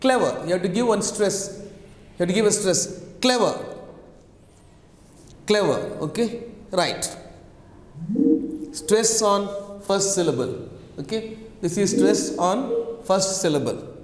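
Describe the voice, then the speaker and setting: A male teacher giving a classroom lesson on word stress, repeating key words and phrases as he drills them. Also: high-pitched. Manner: repetitive, drills words slowly. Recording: echoey long-reverb room.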